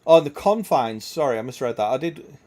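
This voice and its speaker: Crude, laughing gaming streamer. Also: male voice, mid-range voice, animated, fairly quick, a little mellow. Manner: crude, swearing, laughing a lot. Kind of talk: casual gameplay chat.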